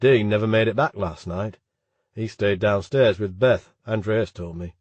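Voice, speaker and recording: A man's voice: lowish voice, normal speed, dry recording, lo-fi sound, lightly acted. Man doing a young male student, Yorkshire accent, blunt, swearing, dry close sound. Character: crude cheerful young northern male student.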